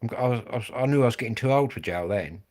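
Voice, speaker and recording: A man's voice: mid-range voice, animated, very fast, darkish tone. A middle-aged man with a Kent accent, chatting casually and rambling with viewers on a livestream, swearing and dropping blokey slang. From England. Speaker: livestream host.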